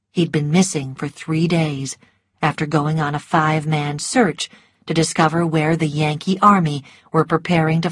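A woman reading a novel aloud as an audiobook narrator, slow, even and hushed. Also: low voice, husky, dry recording, clean studio sound. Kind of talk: storybook narration.

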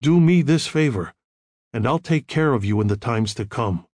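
A man voicing a calm, controlled counselor who gives quiet, measured instructions. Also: medium pitch, no room sound, studio quality, lightly acted. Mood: firm.

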